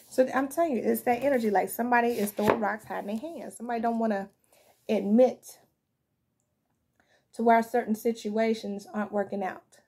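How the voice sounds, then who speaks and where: A woman's voice: medium pitch, noisy background. A woman giving a casual spoken tarot reading, talking frankly and conversationally and often asking "you know what I'm saying.". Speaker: tarot reader.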